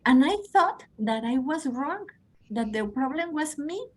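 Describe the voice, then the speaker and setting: A fairly high-pitched woman in her forties with a Mexican Spanish accent, coaching teachers on pronunciation. She talks with eager, coaxing energy, often calling her listeners "guys.". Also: lively intonation, measured pace, poor audio. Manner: enthusiastic, coaxing, addresses audience as guys. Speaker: pronunciation trainer. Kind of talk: online teacher workshop.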